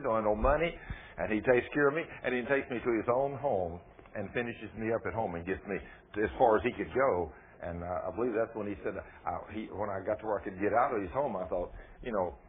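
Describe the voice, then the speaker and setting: A man preaching a sermon, telling testimony stories in a folksy way that rises to fervent emphasis. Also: on the low side. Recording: tinny phone-like radio broadcast, faint noise.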